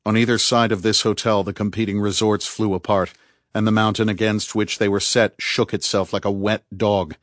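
Male audiobook narrator, low voice, measured and grave, dry close sound. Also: flat delivery, dry recording. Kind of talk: scripted narration.

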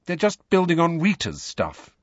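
Male reader voices a fretful, clever teen girl in a raised pitch; dull, dry recording. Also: sing-song, fairly bright tone, husky, dry recording, exaggerated voice. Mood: anxious. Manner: nervous, tart, hurried. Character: anxious bookish teenage girl.

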